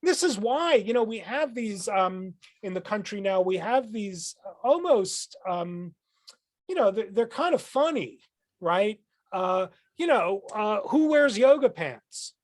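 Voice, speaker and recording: A man, a philosophy professor, explaining ideas as a guest on a podcast in a thoughtful, lecturing way, often pausing with "um" and restarting his phrases. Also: high voice, sing-song, dry recording, studio quality. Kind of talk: podcast interview.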